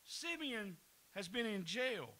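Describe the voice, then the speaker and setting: A pastor preaching a folksy sermon, often repeating words and breaking into laughs. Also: male voice, high voice, very animated, slow pace, bright, forceful tone, poor audio.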